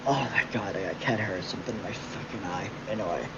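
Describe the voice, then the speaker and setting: A woman's voice: rumbling low, fast, noisy background. Woman ranting with profane sarcasm, lo-fi. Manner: angry, mocking, sarcastic, swears constantly. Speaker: livestream host. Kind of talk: profane livestream rant. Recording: dull lo-fi stream audio.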